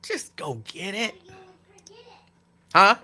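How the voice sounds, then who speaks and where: A man hosting a casual live talk show from home, reacting with animated disbelief to viewers' comments. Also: high-pitched, very slow. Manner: animated, incredulous, talks back to viewers' comments. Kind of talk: casual live-stream chat.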